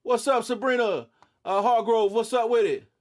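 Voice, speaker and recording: A man's voice: extremely high pitch, moderate pace. A young man hosting a casual livestream, greeting viewers by name in a laid-back, sleepy way and often saying "you know what I'm saying.". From eastern North Carolina. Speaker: livestream host.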